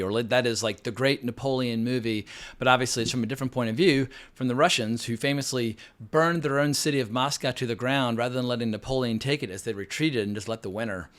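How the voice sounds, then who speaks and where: Guy ranting about a movie, mid-pitched, rambly, curses a bit. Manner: rambling, candid, swears, lively outbursts. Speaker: film reviewer. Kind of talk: casual film review monologue.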